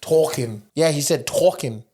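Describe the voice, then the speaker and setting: Animated man telling stories on a podcast. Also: a little high, a little fast. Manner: animated storytelling, laughing often. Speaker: podcast co-host. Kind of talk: casual chat.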